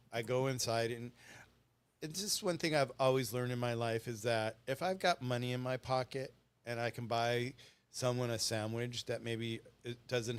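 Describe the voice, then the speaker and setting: A middle-aged man chatting as a guest, telling stories in an earnest, rambling way. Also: mid-range voice. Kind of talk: casual storytelling chat.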